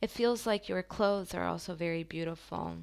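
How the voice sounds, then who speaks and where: A woman giving a channeled tarot reading to her viewers, talking softly and slowly in an affirming way, with long pauses. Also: on the low side, vocal fry, a little hiss or hum. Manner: soft, slow and affirming, with drawn-out pauses.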